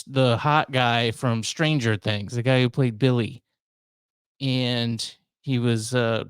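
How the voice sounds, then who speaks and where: A man in his thirties rambles through a solo podcast monologue, poking fun at himself as he goes. His voice is clean and smooth at a middle pitch. The recording is dry, with no room echo. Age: 30s. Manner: rambling and self-mocking, full of asides. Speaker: podcast host.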